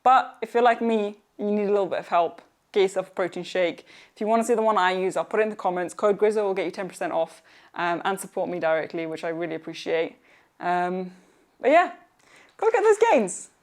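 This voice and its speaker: A woman's voice: mid-range voice, fast. Upbeat chatty young woman fitness vlogger. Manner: chatty, upbeat, encouraging, self-teasing. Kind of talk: casual motivational workout vlog. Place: home workout, partly outdoors.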